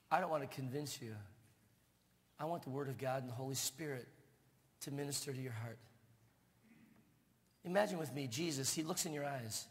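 A male pastor preaching a sermon, moving from loud, fervent proclamation to hushed, tender lines. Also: medium pitch. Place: church sanctuary. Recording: long reverb of a church hall.

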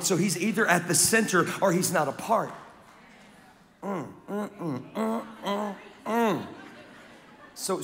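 A man from Louisiana preaching a sermon as pastor, animated and joking, with crowd banter. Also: on the high side. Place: large church auditorium. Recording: long reverb of a large hall.

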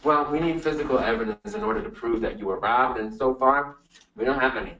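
A man's voice: medium pitch, fairly quick, pushed and bright, lo-fi sound, a little hiss or hum, close to an everyday voice. An actor playing a sarcastic, condescending male police officer in a comedy sketch. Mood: mocking. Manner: mocking, condescending. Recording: roomy, distant video playback.

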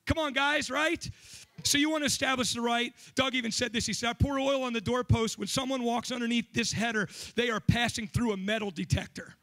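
A man preaching a sermon as pastor, telling stories with animated, emphatic delivery. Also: extremely high pitch, fairly quick.

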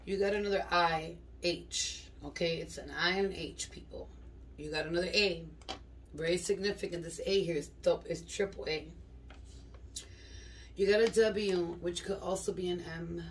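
A woman's voice: fairly low pitch, fairly even intonation, normal speed. A woman giving a casual tarot reading to her viewers, blunt, slangy and profane, rambling as she goes. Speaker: tarot reader. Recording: distant mic with clear background noise and clicks.

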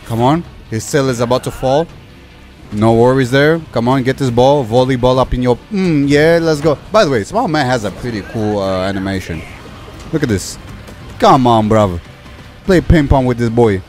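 A young man giving casual commentary over a video game he plays, chatty and quick to get annoyed. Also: mid-range voice, a little mellow. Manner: chatty, easily frustrated, swears mildly. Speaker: gaming youtuber.

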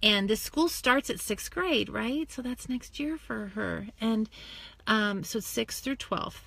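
A woman's voice: fairly high pitch, slow, creaky, breathy edge, no room sound. A woman in her forties, a sales team leader, talking emotionally and on the verge of tears in a live video chat recorded on a phone in her parked car. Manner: tearful, gushing and animated. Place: in a car in a parking lot.

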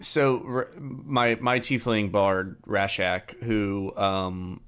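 A man's voice: lowish voice, fairly even intonation, extremely slow, a bit bright, clear, resonant tone. A young man hosting a podcast, chatting casually and rambling through a story about his tabletop game character. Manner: rambling, filler-heavy storytelling. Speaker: podcast host.

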